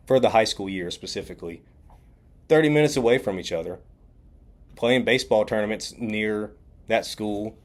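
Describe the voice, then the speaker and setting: A man's voice: fairly low pitch, a little mellow. A young man hosts a podcast alone, telling a story casually with many ums and restarts. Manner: rambling, with many ums and quoted dialogue. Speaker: podcast host.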